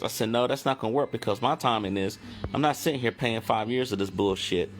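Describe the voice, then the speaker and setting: A man's voice: on the low side, quick pace, slight background noise. A man telling a casual, blunt story about calls with debt companies, swearing freely and acting out both sides of the calls. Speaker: finance video host.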